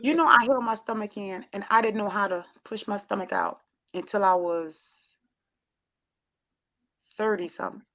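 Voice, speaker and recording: An American woman hosting a casual group chat show, animated and exclamatory, with frequent restarts. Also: mid-range voice, normal speed, pauses often. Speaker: host.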